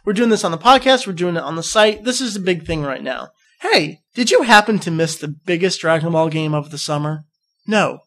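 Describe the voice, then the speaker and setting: A young man with a notably high voice hosts a casual fan podcast. He rambles and jokes with excitable energy, hyping a contest to his listeners. He is from New Jersey. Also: fairly quick. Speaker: podcast host.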